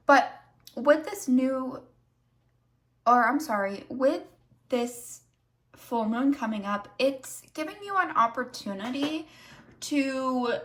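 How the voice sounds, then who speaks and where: A woman's voice: a little high, a bit bright. A young woman giving a casual tarot reading, rambling earnestly with many "like"s and "um"s. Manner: rambling, earnest, heavy use of 'like' and 'um'. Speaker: tarot reader. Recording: roomy echo.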